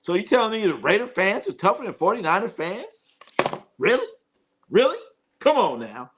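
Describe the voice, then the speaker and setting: Animated Bay Area man streaming sports talk. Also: high voice, a little fast, background noise. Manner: animated, joking, reads chat comments aloud. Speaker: sports show host.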